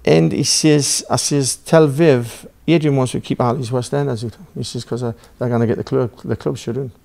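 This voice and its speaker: Gravelly Geordie man telling stories. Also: mid-range voice, steady tone, normal speed, mellow. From Newcastle, England. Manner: rambling, swearing, acts out dialogue. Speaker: podcast guest. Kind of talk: casual storytelling.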